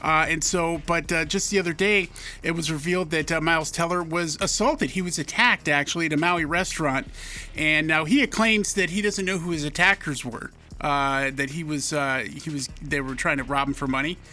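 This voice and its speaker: A man co-hosting a radio show, telling a story in casual banter, halting with many fillers. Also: on the high side, bright, forceful tone. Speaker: radio co-host. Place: radio studio.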